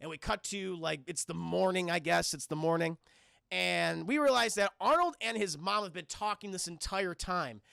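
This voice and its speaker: A man talks straight to his stream chat, retelling a movie with animated, rambling energy and plenty of swearing. his voice is bright with a gravelly fry, and the sound is close and dry. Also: high-pitched, moderate pace, dry recording. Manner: animated, profane, rambling storytelling. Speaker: film reviewer streaming to chat. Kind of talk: casual livestream film recap.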